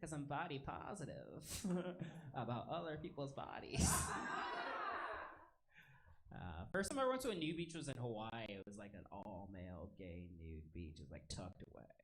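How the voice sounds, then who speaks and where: A man's voice: fairly low pitch, big pitch swings, normal speed. A man performing a stand-up comedy set in a club, chatting with the crowd and telling stories in a conversational way. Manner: crowd work, conversational storytelling. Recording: noisy live club recording. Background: audience laughter.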